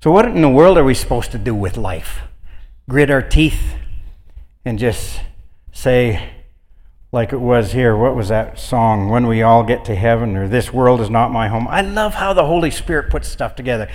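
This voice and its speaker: A man's voice: medium pitch, a little mellow, long reverb tail. A man preaching an informal sermon, telling stories in a folksy, conversational way. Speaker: guest preacher.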